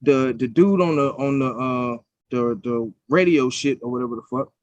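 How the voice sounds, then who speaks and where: A man's voice: mid-range voice, normal speed, dry recording, muffled recording. A young man co-hosting a podcast, telling stories in a casual, profane, heated way. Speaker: podcast co-host. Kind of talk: casual chat.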